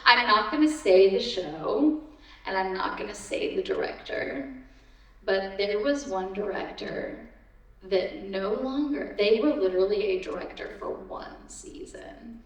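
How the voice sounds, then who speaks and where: A woman in her thirties, a voice actor on a convention panel, tells stories in a casual Q&A, rambling and giggling with plenty of ums. Her mid-range voice is expressive and unhurried, recorded from far off in a large, echoey convention hall.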